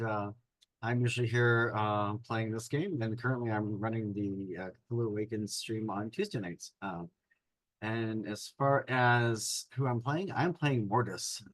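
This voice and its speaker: Man, tabletop player, halting speech, lots of ums, dry close sound. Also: lowish voice, no echo, rough recording. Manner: hesitant, many fillers. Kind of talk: casual chat.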